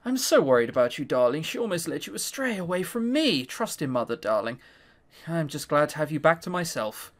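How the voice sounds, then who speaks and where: A man voicing a cold, possessive mother in a visual novel, speaking low, soft and sinister. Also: very animated, a little fast. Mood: smothering.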